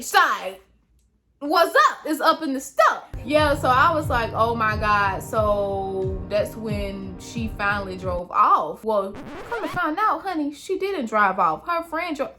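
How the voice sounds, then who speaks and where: A woman in her twenties telling a story time vlog, animated and slangy, calling viewers honey and y'all. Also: on the high side. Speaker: YouTuber.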